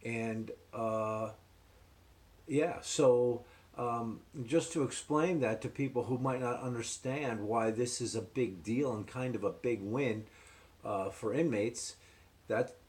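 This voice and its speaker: A man's voice: mid-range voice, takes it slowly, darkish tone. Older guy from new jersey talking earnestly into the camera, lots of ums, hammers his points home. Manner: earnest, repeats points for emphasis, many fillers. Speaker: ministry host. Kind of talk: casual commentary to camera.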